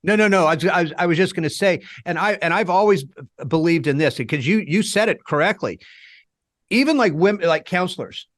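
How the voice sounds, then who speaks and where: A man's voice: high-pitched, a little fast, a bit bright, dry recording, clean studio sound. A man co-hosting a recovery-group interview, speaking emphatically with stammered starts. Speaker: co-host, founder of recovery group. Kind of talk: casual interview chat.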